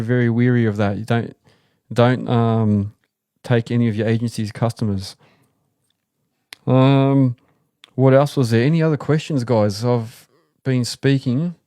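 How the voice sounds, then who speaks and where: Clear and resonant at a medium pitch, this Australian man's voice comes through at studio quality without echo. As host of a live stream, the excavation business owner relaxes into rambling tales about starting out, using fillers and acting out what others told him.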